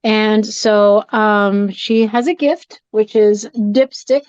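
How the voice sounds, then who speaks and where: A woman guest on a podcast, telling a spooky story in an animated, jumpy way and acting out her own scared reactions. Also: medium pitch, takes it slowly, no echo. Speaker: guest, shop owner and horror collector. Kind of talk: excited storytelling in a podcast chat. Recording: dull dry podcast audio.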